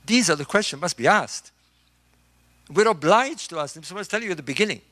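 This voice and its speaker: A middle-aged man, a construction engineer, giving an emphatic, animated talk to a group in a room. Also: sits high, fast, dry recording. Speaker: speaker on ancient engineering. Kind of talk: lecture-style talk to a live group.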